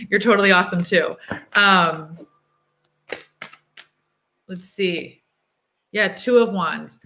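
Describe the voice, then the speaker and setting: Bright-voiced woman chatting on a livestream. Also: medium pitch, slight background noise. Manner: chatty, thinks aloud, fills pauses with "um" and "like"; upbeat and encouraging. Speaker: tarot reader hosting a livestream. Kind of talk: casual live-stream chat.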